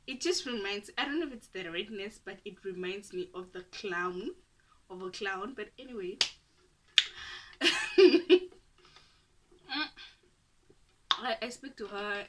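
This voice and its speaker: A woman's voice: medium pitch, fairly bright tone. Chatty young woman telling a story. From Namibia. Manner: chatty and dramatic, laughing often at herself. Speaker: YouTuber. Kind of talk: casual storytime.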